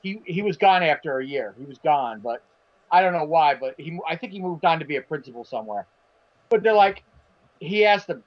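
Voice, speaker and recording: A man with a high voice spins a long anecdote in casual podcast chat. He is animated and foul-mouthed, slipping into the voices of the people he quotes. The sound is dull and lo-fi. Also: brisk. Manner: animated, acts out quotes, swears. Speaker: podcast co-host. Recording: dull lo-fi stream audio.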